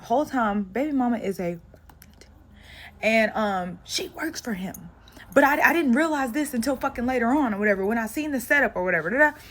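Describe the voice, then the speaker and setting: Young woman rattling off a crazy story fast, cussing nonstop, super blunt and animated. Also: mid-range voice. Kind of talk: storytime monologue.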